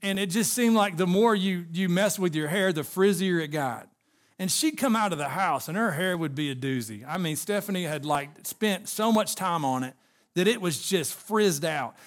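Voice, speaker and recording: High-voiced preacher. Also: male voice. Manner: earnest, storytelling preacher addressing congregation. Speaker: pastor. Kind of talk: sermon.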